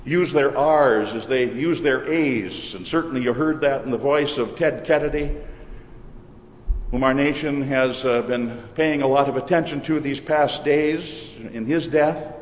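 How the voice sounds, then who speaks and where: A man with a Minnesotan accent, a pastor preaching a sermon in a measured, deliberate cadence. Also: medium pitch, steady tone. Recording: echoey church hall with long reverb.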